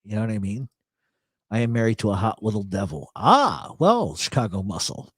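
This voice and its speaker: A middle-aged man hosts a late-night livestream and reads the chat. He tells rambling, profane, joking stories with a lively, swinging pitch. He is recorded dry and close, with no room sound. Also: normal speed, breathy edge, no echo. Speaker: host. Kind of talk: casual livestream chat reading comments. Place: apartment in a big city.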